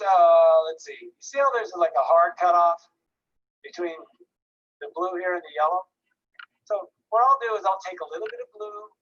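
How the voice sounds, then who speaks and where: Man, painting instructor on a video call, somewhat high voice, muffled audio, easygoing critique with lots of restarts. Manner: relaxed, encouraging, thinks aloud with restarts. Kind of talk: live online art class critique.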